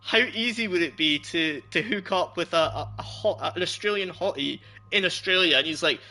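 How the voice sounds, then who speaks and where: Soft music plays behind a young Scottish man who rambles and laughs often while chatting with viewers during a game stream. He speaks at a normal pace in a high, sharp voice.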